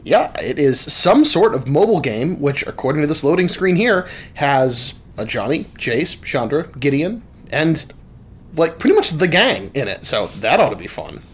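A man's voice: fairly high pitch, normal speed, breathy edge. A man co-hosting a podcast in a casual, joking chat, often restarting his sentences. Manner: animated, joking, with many restarts. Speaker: podcast co-host.

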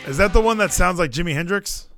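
A man in his thirties co-hosting a casual wrestling podcast, excitable and given to acting out commentators and wrestlers. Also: high voice, fast, faint music behind. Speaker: podcast co-host.

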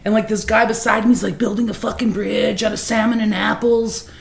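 A woman from Canada chatting casually on a podcast, telling animated, swear-filled stories about baking. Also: mid-range voice, a little fast, gravelly. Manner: profane, animated storyteller. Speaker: guest baker. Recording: echoey room.

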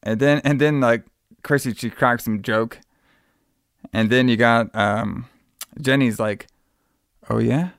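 A man's voice: medium pitch, steady tone, unhurried, pauses often, fairly bright tone, clean tone, no echo, clean studio sound. A man on a podcast recapping a movie in casual chat, rambling and repeating words as he acts out bits of dialogue. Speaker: podcast co-host.

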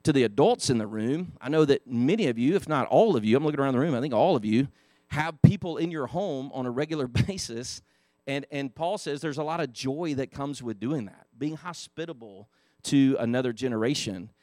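A man's voice: medium pitch, expressive, brisk, warm tone, dry recording, clean studio sound. A man teaching a Sunday school Bible lesson in a church classroom, talking with the class and asking them questions. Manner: conversational, asks the class questions.

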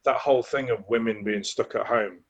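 A man rambles through a casual podcast discussion, doubling back on words as he works out his point. His voice is husky and a little rough around the edges. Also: mid-range voice, steady tone, fairly quick, muffled recording. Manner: rambling, repeats words while thinking. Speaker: podcast co-host. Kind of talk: casual chat about a TV play.

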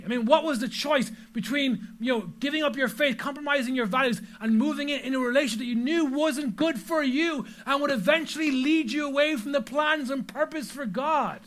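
High-voiced pastor preaching. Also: male voice, fairly quick, few pauses, fairly bright tone. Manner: storytelling, emphatic rhetorical questions. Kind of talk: sermon. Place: church service before an audience.

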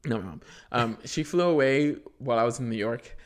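A man's voice: medium pitch, a little fast. A young man co-hosting a podcast, chatting casually and laughing through his own stories in a self-mocking way. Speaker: podcast co-host. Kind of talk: casual chat.

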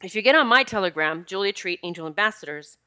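Bright-voiced woman vlogging emphatically. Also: mid-range voice, animated, quick pace. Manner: emphatic and conversational, repeats herself for stress. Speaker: vlogger addressing viewers. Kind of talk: casual monologue to camera.

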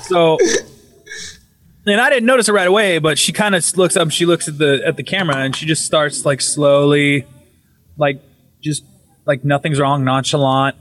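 A man's voice: on the high side, moderate pace, pauses often. A man telling a creepy personal story to a group on a call, swearing freely and acting out the voices in it. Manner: animated, swearing, acts out voices in his story. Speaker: caller telling a ghost story.

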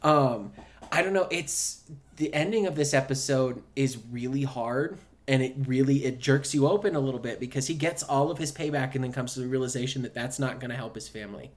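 A man's voice: mid-range voice, a little fast. Blunt ranting podcast co-host man. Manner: blunt, swears freely, builds up to rants. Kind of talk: casual chat.

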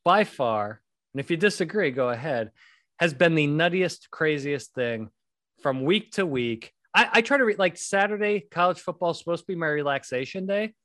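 A man's voice: a little high, lively intonation, normal speed, a bit bright, dry recording, clean studio sound. Joking middle-aged man hosting a podcast. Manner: rambling, joking, self-deprecating storyteller. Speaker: podcast host. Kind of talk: casual podcast chat. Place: home podcast studio.

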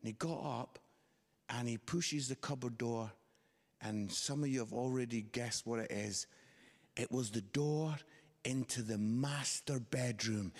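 A man preaching a sermon, telling a story with lively, animated delivery and quoted voices. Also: medium pitch, unhurried. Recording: long hall reverb.

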